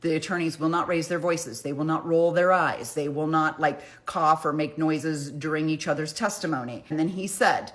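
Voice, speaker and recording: A woman with a low voice talks through a trial recap in a chatty, conversational way. She sprinkles in casual asides and leans into retold quotes with emphasis. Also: normal speed, hardly any pauses. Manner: dramatizes quotes with emphatic retellings. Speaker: true crime commentator.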